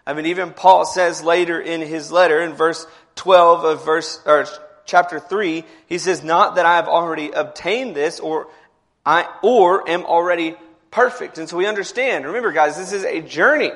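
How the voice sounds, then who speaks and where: A man's voice: fairly high pitch, normal speed, fairly bright tone. A man preaching a sermon in a church, talking conversationally, repeating words, and building to emphatic passages. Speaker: pastor.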